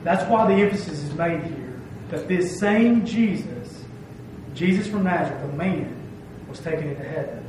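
A man's voice: fairly high pitch, brisk, hardly any pauses, noisy background. A man preaching a sermon with emphasis, stressing his phrases and asking "okay?" to check that he is followed. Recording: very echoey room, heard from a distance.

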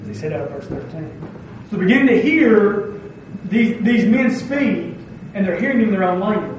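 High-voiced preacher in echoey hall. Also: male voice, lively intonation, moderate pace, far from the mic, slight background noise. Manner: folksy, conversational preaching with scripture reading. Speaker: pastor. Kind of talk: sermon. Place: church sanctuary. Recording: very echoey hall, mic from afar.

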